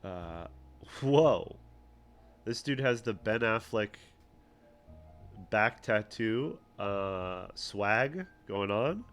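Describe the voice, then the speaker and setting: A man's voice: lowish voice, animated, very slow, a bit bright, smooth, faint music behind. A man co-hosting a livestream, giving offhand, mocking outfit commentary that trails off into fillers. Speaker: podcast co-host.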